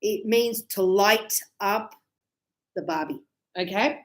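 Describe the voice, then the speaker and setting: In an online language lesson, a woman with an Australian accent takes her time explaining English phrases in a chatty way, using acted examples. She has a mid-range voice, and the room sounds echoey.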